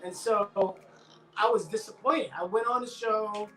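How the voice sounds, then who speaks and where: Animated middle-aged man telling stories. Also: sits high, measured pace, echoey room, soft background music, rough recording. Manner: animated, acts out the dialogue of people in his stories. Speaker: actor guest. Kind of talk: casual interview storytelling.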